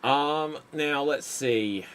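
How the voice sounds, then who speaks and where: A man hosts an improv game, calling time and setting up the next player with wry banter. His pitch sits a little high and his pace is slow and easy. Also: a bit bright, smooth. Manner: wry, unhurried emcee banter. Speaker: improv show host.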